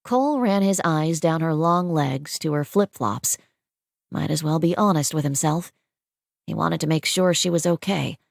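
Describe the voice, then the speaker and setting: A woman narrating a romance audiobook in a steady, measured reading. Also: sits low, gravelly, no echo, clean studio sound.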